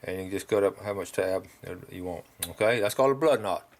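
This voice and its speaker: Hosting a local fishing show, a man with a fairly quick, on-the-low-side voice chats and demonstrates step by step in a casual how-to. His folksy style has him ending sentences with "okay?" a lot.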